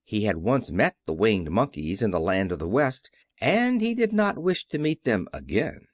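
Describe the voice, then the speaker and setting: A man narrating a classic children's story as an audiobook with expressive storytelling. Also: fairly low pitch, moderate pace, no room sound, studio quality. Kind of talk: scripted narration.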